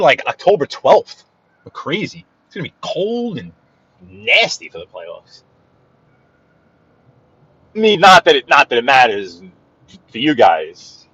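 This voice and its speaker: A man's voice: medium pitch, fairly bright tone, breathy edge, dull audio. Chatty New York man driving. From Brooklyn, New York. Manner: chatty, rambling, greets viewers by name. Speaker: livestream driving host. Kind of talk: casual live-stream chat while driving. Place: inside a car in city traffic.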